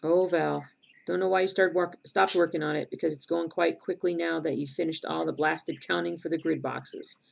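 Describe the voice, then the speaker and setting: Very gravelly middle-aged woman streamer. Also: low-pitched, steady tone, normal speed. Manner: chatty, rambling, answers viewer comments aloud. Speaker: cross-stitch streamer. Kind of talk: casual live-stream chat.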